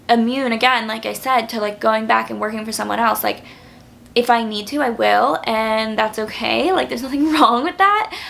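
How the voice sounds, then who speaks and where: A woman's voice: fairly high pitch, gravelly, fairly bright tone, a little hiss or hum. A young woman in her twenties talking casually to camera as a YouTuber, earnest and grateful, with lots of "like" fillers. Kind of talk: casual vlog talk to camera.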